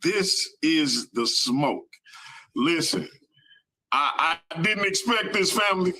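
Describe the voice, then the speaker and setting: A man hosting a livestream, talking slowly and sounding incredulous. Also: on the high side, lively intonation, sharp tone, low-quality recording. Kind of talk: live stream talk.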